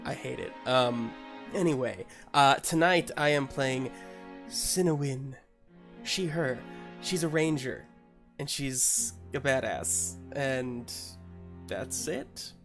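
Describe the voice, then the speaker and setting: A man from Missouri introducing himself as a player, chatting in a relaxed way. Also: mid-range voice, slow, music in the background. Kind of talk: casual chat.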